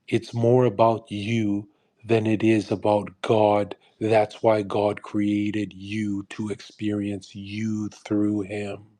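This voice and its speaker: A man's voice: fairly low pitch, warm tone. A young man in his twenties hosting a live audio room, talking in a crude, combative and boastful way. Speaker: livestream host.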